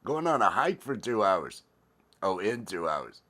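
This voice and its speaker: Man, low voice, laid-back livestream chat, rambling, repeats himself. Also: very animated, measured pace, bright, forceful tone. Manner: laid-back, rambling, repeats phrases, greets viewers by name. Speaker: livestream host.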